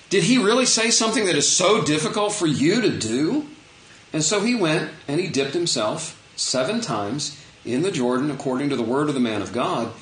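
A man's voice: a little high, a bit bright, echoey room, a little hiss or hum, low-quality recording. A man preaching a conversational sermon, retelling a Bible story with casual asides. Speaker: pastor.

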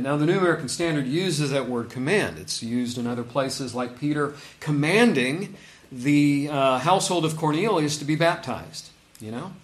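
Guy preaching a sermon, earnest and emphatic, echoey room. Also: medium pitch. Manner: earnest, emphatic, reads verses aloud with stresses. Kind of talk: sermon with scripture reading. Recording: roomy echo.

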